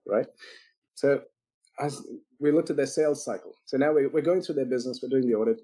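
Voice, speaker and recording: A man on a podcast tells a client story with energy, slipping into little acted-out voices for the people he quotes. His voice is warm and dark in tone, with a breathy, husky edge. He laughs easily as he goes. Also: mid-range voice, rough recording. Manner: animated storyteller acting out quotes; laughs often. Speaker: business consultant guest.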